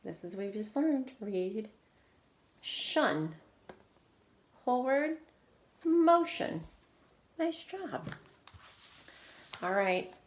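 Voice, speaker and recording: A woman teacher leading a phonics lesson for children, slowly drilling sounds and praising often. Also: mid-range voice, animated. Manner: slow, encouraging, drilling sounds with frequent praise. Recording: echoey room with faint noise.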